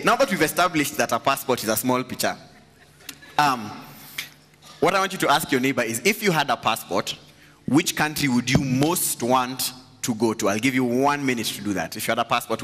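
Bright-voiced joking pastor. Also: male voice, mid-range voice, expressive. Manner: joking, teasing, quick to laugh. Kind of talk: interactive sermon with audience questions. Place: large church hall. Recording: reverberant church hall with faint ambience.

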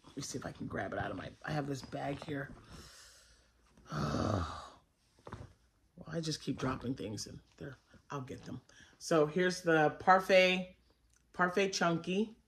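A woman's voice: low-pitched, expressive, a little slow, pauses often, background noise. A woman crochet vlogger chatting casually to her viewers at home, rambling with frequent fillers and restarts while showing her yarn. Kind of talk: casual chat.

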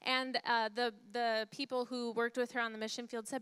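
In a close, dry recording, a female pastor preaches with a bright voice pitched a touch high. She drives home key phrases through repetition, questions her congregation, and quiets to a hush for a retold story, though her delivery stays flat at a normal speed with a clean tone.

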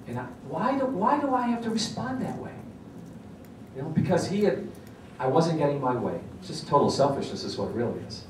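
A middle-aged man giving a seminar talk, telling a story in an animated, self-mocking way. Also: a little high, a little fast, slight background noise. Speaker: parenting seminar speaker. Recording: echoey hall from far off.

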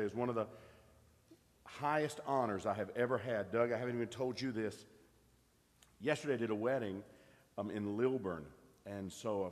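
A man in his fifties with a drawl tells a story from the pulpit, folksy and quick to get excited. His voice sits at an ordinary pitch for a man. It rings out across a large church auditorium with a long reverb tail. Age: 50s. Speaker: pastor.

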